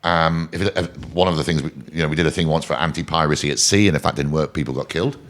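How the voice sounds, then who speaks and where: A man, a podcast guest and company chairman from England, chatting casually in a studio and telling animated, laugh-filled anecdotes. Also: very deep voice, quick pace. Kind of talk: casual storytelling chat. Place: recording studio.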